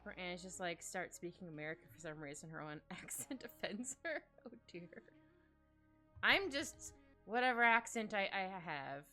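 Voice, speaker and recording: A woman streamer talks casually while she draws at home, her voice bright and rising and falling in lively swoops. She rambles and giggles her way through stories, and soft music plays faintly under her. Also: lowish voice, normal speed. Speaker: livestreaming artist. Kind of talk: casual chat while drawing. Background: soft background music.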